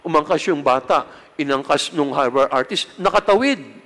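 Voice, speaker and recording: A man's voice: on the high side, brisk, creaky, fairly bright tone. A man with a Filipino accent, a priest giving a homily and mixing Tagalog and English as he speaks directly to his congregation. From Philippines. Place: large church. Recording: long hall reverb.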